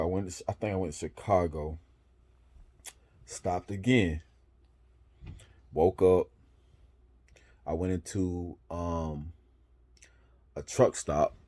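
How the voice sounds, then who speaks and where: A man with a very low voice tells a casual road story as a truck driver. His tone is dark and mellow. He rambles, corrects himself, and keeps punctuating with "boom.".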